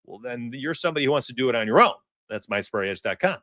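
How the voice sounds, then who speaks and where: Brief: forties male stream host, chatty and excitable, dry close sound. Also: mid-range voice, fast, few pauses, dry recording. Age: 40s. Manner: excitable, chatty, laughs often. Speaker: sports betting livestream host. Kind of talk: casual livestream chat.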